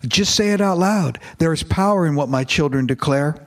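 A man voicing a gentle, wise fatherly figure who speaks calmly and earnestly, reading aloud from a novel. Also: on the high side, normal speed, close to an everyday voice. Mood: tender.

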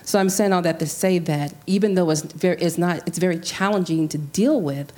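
Warm, low-voiced woman telling a story. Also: fairly quick. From Central California. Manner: earnest storyteller, many restarts and quoted dialogue. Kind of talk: casual discussion.

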